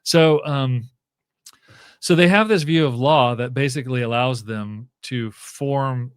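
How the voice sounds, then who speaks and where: A man's voice: medium pitch, slow pace, smooth, no room sound, clean studio sound. A man speaking as a guest professor in a casual interview, thinking aloud with frequent fillers and restarts.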